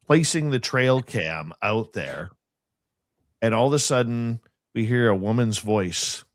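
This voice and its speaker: A man hosting a radio show, telling anecdotes in a casual, animated way and relishing creepy experiences. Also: on the low side, no echo, studio quality.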